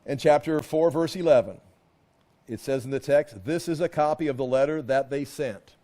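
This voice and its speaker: A man's voice: fairly high pitch, normal speed, dark tone. A man teaching a casual Bible class, talking in a loose, conversational way that wanders off and restarts as he retells the story with animation.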